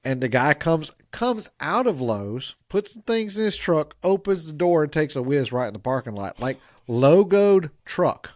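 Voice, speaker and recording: A middle-aged man co-hosting a podcast, telling stories in an animated way and getting louder when he quotes himself. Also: on the high side, moderate pace, hardly any pauses, dry recording, clean studio sound. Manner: animated, gets loud when quoting himself. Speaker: podcast co-host. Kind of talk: casual storytelling chat.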